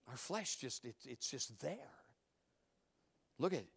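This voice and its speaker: A middle-aged man preaching a sermon, telling stories with loud outbursts and hushed asides. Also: medium pitch, animated, unhurried, vocal fry, pauses often, breathy edge. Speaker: pastor.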